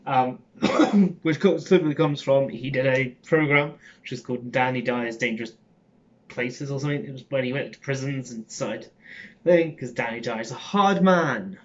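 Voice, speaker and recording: A man's voice: mid-range voice, moderate pace. A young man with a Cockney accent, an acting student rambling casually to his channel with lots of ums and swearing. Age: young adult. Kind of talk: casual chat. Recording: dull lo-fi sound.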